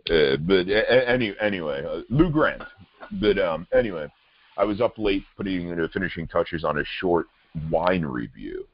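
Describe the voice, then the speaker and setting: A man with a very low, deep voice chats casually as a co-host, rambling and restarting often. The recording is dry and dead, with a slightly dull, muffled top end. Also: animated, dry recording. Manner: rambling, halting, many restarts. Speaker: podcast co-host and wine reviewer. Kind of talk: casual chat.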